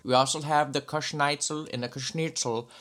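A man's voice: on the high side, steady tone, moderate pace, a bit bright, voice pushed up, lightly acted. A man putting on a voice as a pompous male company spokesman reassuring the press. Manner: formal, mock-official, stumbling.

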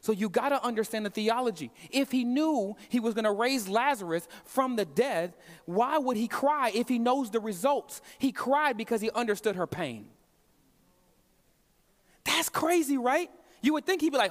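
A man preaching a sermon as pastor. His delivery is impassioned, swinging between hushed moments and emphatic calls. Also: very high voice, lively intonation, moderate pace. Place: church sanctuary. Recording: long reverb of a large hall.

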